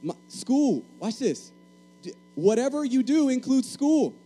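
A man from Puerto Rico preaches with emphasis, his high voice pressing key phrases again and again. His tone is mellow and dark. A faint mains hum runs underneath. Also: big pitch swings, measured pace, faint music behind, rough recording. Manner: emphatic, repeats key phrases, asks the congregation to respond. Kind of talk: sermon.

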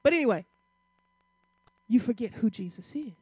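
Woman preacher, high voice, impassioned sermon, rhetorical questions, dry close sound. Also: expressive, moderate pace, husky, no room sound. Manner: impassioned, rising to loud emphatic peaks; uses casual church vernacular, rhetorical questions.

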